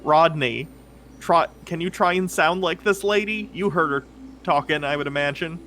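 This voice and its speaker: A man playing a tabletop game, excitable and planning aloud, swearing casually. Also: on the high side, normal speed, a little hiss or hum. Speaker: player.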